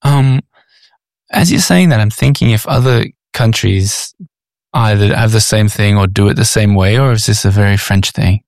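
Australian male host, casual and playful interviewer, rough textured voice. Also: lowish voice, normal speed, a little mellow, no echo. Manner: chatty, hesitant restarts, playful. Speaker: podcast host. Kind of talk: conversational interview.

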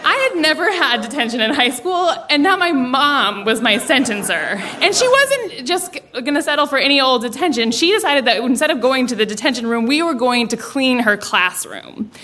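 A young woman telling a personal story at a live story slam, animated and laughing as she acts out the voices of the people in it. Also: high voice, normal speed, few pauses. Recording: live event with audience and some noise. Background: audience.

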